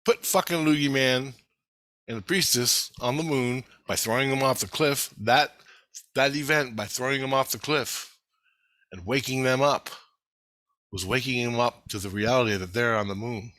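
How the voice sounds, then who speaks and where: A man's voice: mid-range voice, normal speed, sharp tone, no echo. A man in a casual monologue video who rambles through a story and swears constantly.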